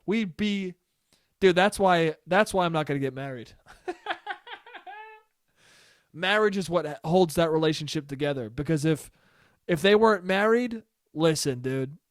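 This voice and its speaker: A young man hosting a solo podcast, telling a rambling, profane story in a casual, animated way. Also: high voice, normal speed, long pauses, no echo, studio quality. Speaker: podcast host.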